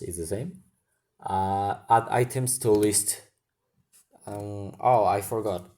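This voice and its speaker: A man's voice: on the low side, darkish tone. A young man, a student, walks through his class project in an app demo, explaining each step as he thinks aloud.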